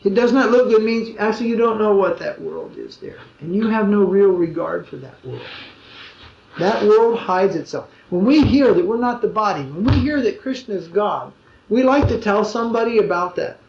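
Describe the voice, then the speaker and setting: A man delivers an informal religious discourse, spinning anecdotes in a relaxed, wry way. His voice sits noticeably high for a man. The old lo-fi recording sounds dull and echoes around the room. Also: moderate pace, vocal fry, a little hiss or hum. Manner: conversational storytelling with wry humor. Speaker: swami giving a spiritual talk. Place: gathering in a room. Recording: roomy dull lo-fi 2001 recording.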